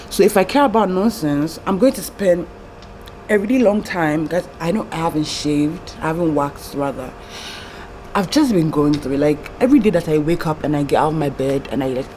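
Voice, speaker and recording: A woman's voice: fairly low pitch, dark tone, a little hiss or hum, poor audio. Candid young woman on a confessional vlog. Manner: candid, rambling, heartfelt. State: tearful, trying not to cry. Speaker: YouTube vlogger.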